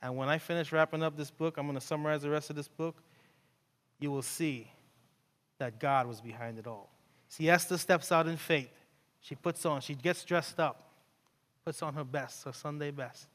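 A male preacher, animated and conversational, full of playful asides as he tells the story. His voice is fairly high for a man. A long reverb rings from the hall around him. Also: normal speed. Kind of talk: sermon.

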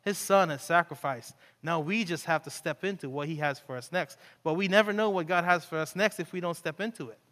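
A man preaching a sermon, retelling the story in an animated, conversational way with playful asides. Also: on the high side, fairly quick, few pauses. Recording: long hall reverb.

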